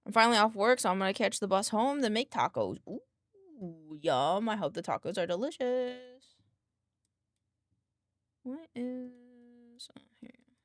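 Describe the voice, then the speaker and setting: A woman's voice: mid-range voice, animated, unhurried, long pauses, no echo. Woman streamer, casual chat, teasing and playful, bouncy up-and-down voice, dry close sound. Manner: playful, teasing, coos baby talk at her cat. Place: home desk.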